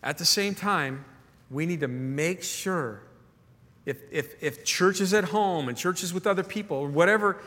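Earnest pastor preaching in an echoing hall. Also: male voice, high-pitched, measured pace, a bit bright. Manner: earnest, repeats words when stirred. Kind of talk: sermon. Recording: echoey hall reverb.

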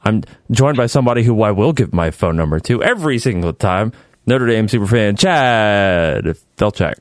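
A man hosts his podcast in easy casual chat, his pitch rising and falling with lots of life. He jokes, rambles and turns earnest, recorded dry and close. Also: expressive, normal speed, no room sound. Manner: jokey, rambling, warmly earnest. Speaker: podcast host.

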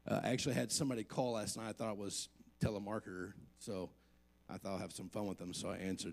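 A man's voice: fairly low pitch, fairly even intonation, quick pace, gravelly. A male pastor preaching a conversational sermon, asking the congregation questions and joking along the way.

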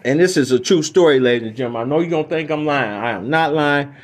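A man's voice: a little high, fast talker, slight background noise. A man from Detroit hosting a podcast, telling comic stories and opinions in a rambling, repetitive, emphatic way. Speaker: podcast host. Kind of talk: casual comedic storytelling.

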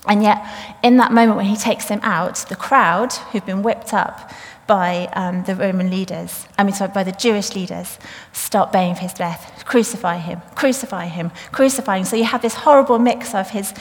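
A woman's voice: mid-range voice, steady tone, moderate pace, hardly any pauses. A woman preaching a sermon, retelling the story in a chatty way and reading scripture aloud. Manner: conversational, retells the story plainly with fillers. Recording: long reverb of a church hall.

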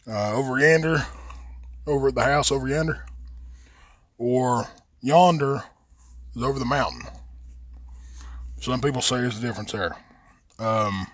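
A man's voice: mid-range voice, measured pace, pauses often, fairly bright tone, no room sound. A man with an Appalachian accent hosting a podcast, talking in a casual, rambling and blunt way and swearing freely. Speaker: podcast host. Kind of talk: casual monologue.

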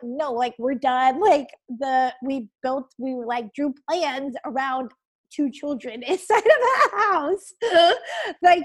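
A woman in her forties, a podcast guest, telling a story casually and animatedly, acting out quotes, saying "like" constantly and laughing often. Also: sits high. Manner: animated retelling, acts out quotes, says "like" constantly.

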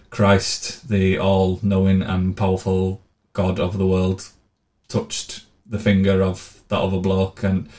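Man, very low voice, monotone delivery, blunt and sweary, sardonic storytelling. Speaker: vlogger. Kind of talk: casual monologue telling travel stories.

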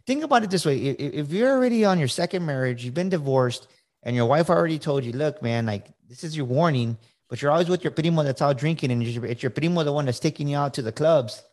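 A man's voice: on the high side, expressive, fast talker, a little mellow. Emphatic middle-aged man coaching on a podcast. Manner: emphatic, repeats words, frequent "right?". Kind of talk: casual motivational talk.

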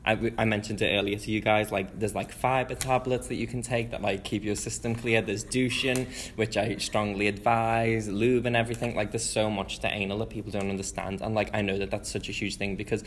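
A man's voice: fairly low pitch, steady tone, a little fast, hardly any pauses, a little hiss or hum. A young man, a podcast co-host, talking earnestly in casual chat with lots of "like". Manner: earnest, filler-heavy with lots of "like".

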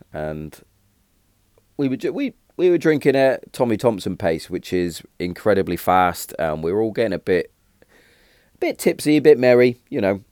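Bloke, thirties, very low voice, dry close sound, rambling storyteller. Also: male voice, smooth, dry recording. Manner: rambling, animated when telling a punchline, frequent restarts and fillers. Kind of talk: casual storytelling.

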